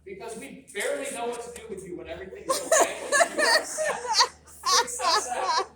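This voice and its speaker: A man's voice: very high-pitched, huge pitch swings, normal speed, a crowd in the background. A man in his fifties giving a live seminar talk, blunt and joking, often quizzing the audience. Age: 50s. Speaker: convention speaker. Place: large echoey hall. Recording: echoey hall from far off, noisy.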